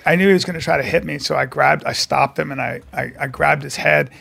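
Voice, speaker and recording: A man's voice: a little high, quick pace, fairly bright tone. A man co-hosting a podcast, speaking bluntly and knowingly in casual chat. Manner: gravelly, husky, blunt and knowing.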